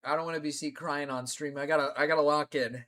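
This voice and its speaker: A man's voice: fairly high pitch, steady tone, fast talker, a bit bright. A young man livestreaming, teary and in pain, groaning and swearing as he talks casually to his chat. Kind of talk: casual live-stream chat.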